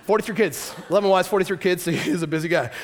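Lively storytelling male pastor. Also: high-pitched, racing. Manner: lively storytelling with joking asides. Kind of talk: sermon.

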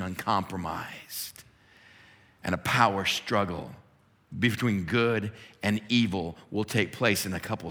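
A man preaching, painting a scene in dramatic, unhurried detail. His voice is low-pitched yet bright and forceful. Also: in a large hall. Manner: vivid, dramatic narration. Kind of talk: sermon storytelling.

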